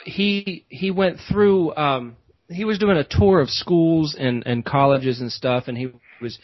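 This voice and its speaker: A man's voice: fairly high pitch, unhurried, no room sound, lo-fi sound. A man, a podcast host, telling a long rambling story in casual chat, full of restarts and asides.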